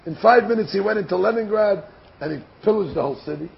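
A man teaching a sermon through an animated story, acting out the dialogue and repeating phrases for effect. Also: high voice, fast, creaky, husky, lo-fi sound.

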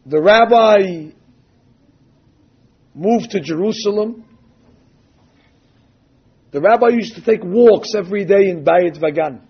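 Casting: emphatic preacher, a man with a high, husky voice, on a dull lo-fi recording. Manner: emphatic, drawn-out quoting of texts. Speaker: rabbi or religious teacher. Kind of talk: sermon with storytelling.

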